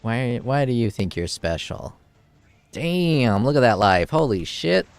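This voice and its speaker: A man casually commenting on his gameplay as a streamer. He swears freely, gets excited, and reads item text aloud. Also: mid-range voice, a little slow, vocal fry, smooth. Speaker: game streamer.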